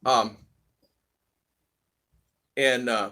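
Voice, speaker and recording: Gravelly, rambling male livestream host. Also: medium pitch, fairly bright tone. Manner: rambling, halting, many fillers and restarts; friendly, greets viewers one by one. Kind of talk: casual live chat greeting viewers.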